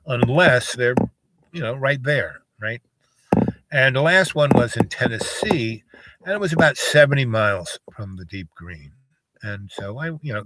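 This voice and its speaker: A man of ordinary pitch spins a long, wandering story, stopping for fillers and going off on side remarks. Clicks and steady noise run under his voice. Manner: meandering, many fillers and asides. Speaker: vlogger. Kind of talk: rambling casual storytelling. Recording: noisy with clicks.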